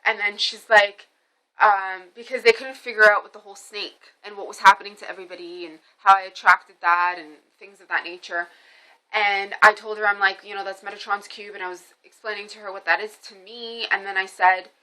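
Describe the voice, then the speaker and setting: Bright-voiced woman telling a rambling story. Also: medium pitch, brisk, poor audio. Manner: rambling, animated, many fillers and restarts. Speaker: spiritual reader vlogger. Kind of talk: casual storytelling monologue.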